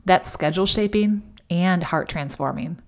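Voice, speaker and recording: A woman's voice: lowish voice, normal speed. Chatty, emphatic woman podcast host. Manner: chatty and emphatic, with sudden animated outbursts. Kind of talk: devotional podcast talk.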